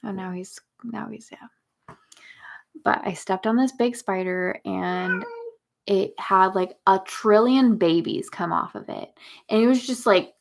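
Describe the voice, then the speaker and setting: A woman's voice: mid-range voice, a little slow, gravelly. A young woman hosting a casual livestream chat, talking to her viewers and cooing at her cat. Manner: chatty, talks baby talk to her cat. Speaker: livestream host.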